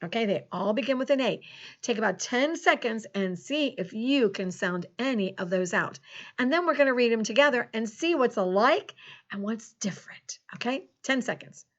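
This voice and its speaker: A woman teaching a recorded phonics lesson to young children, encouraging them and sounding out words slowly. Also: fairly high pitch, lively intonation, highs cut off. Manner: encouraging, slow and exaggerated word sounding. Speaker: second grade teacher.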